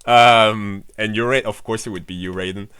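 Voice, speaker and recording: A man's voice: on the low side, fairly even intonation, normal speed, fairly bright tone, clear, resonant tone, no room sound. A man streaming a game playthrough, chatting casually, rambling, swearing freely and answering his chat. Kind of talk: casual livestream commentary.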